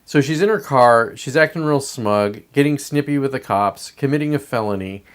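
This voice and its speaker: A podcast host delivers a blunt political commentary monologue in a mid-range voice at a moderate pace. He rants emphatically and peppers it with profanity.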